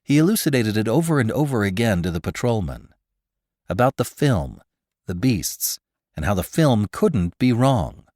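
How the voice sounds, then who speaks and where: Expressive male audiobook narrator, dry studio. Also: on the low side, moderate pace, no echo. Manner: expressive, dramatic reading. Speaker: audiobook narrator and podcast host. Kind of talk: scripted storytelling narration.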